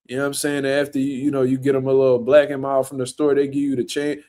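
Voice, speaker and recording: A young man, a boxer, telling animated, profane stories in street slang during a casual podcast chat. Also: mid-range voice, quick pace.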